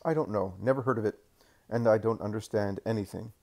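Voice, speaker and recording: A man voicing a blunt, hot-tempered fisherman apostle who mocks his accusers with quick retorts. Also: fairly low pitch, darkish tone, close to an everyday voice. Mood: mocking. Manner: mocking, quick-witted retorts.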